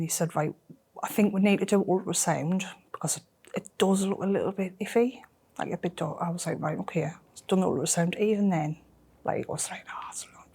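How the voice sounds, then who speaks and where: A middle-aged woman, telling a personal story in an emotional, halting way that often drops to a near whisper. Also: on the low side, dark tone, slightly rough. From North East England. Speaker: interviewee.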